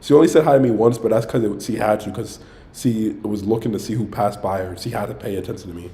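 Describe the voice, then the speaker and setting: With slight background noise, a young adult streamer relates a dating story on a casual livestream at a quick pace, his fairly low voice mellow. He rambles loosely, interrupts himself, and says "bro" constantly.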